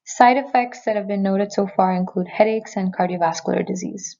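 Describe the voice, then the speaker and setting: A woman physician giving a prepared lecture, speaking in a measured, clear, explanatory way from a remote recording. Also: mid-range voice, dark tone, highs cut off. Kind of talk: prepared medical presentation. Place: remote recording, not in person.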